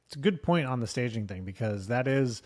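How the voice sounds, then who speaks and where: Male co-host, mid-pitched, reflective and conversational, casual business chat. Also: expressive, fairly quick, darkish tone. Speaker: podcast co-host.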